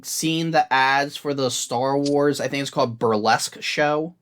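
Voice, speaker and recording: A man's voice: mid-range voice, a little slow, a bit bright, smooth. Rambling young man, casual podcast chat. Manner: rambling, reads out a long list while looking things up. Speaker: podcast co-host.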